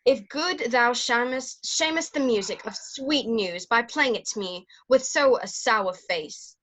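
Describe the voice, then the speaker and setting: A woman's voice: fairly high pitch, lively intonation, unhurried, fairly bright tone, low-quality recording. A woman acting a young, impatient, lovesick Juliet in an amateur Shakespeare reading, pleading and delivering the verse eagerly over a video call. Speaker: actor in an online Shakespeare reading. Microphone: video call microphone.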